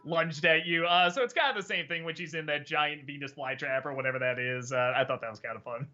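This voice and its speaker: A man's voice: fairly high pitch, fast, sharp tone, highs cut off. A man hosting a casual livestream Q&A, rambling and hesitant with lots of fillers. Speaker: host.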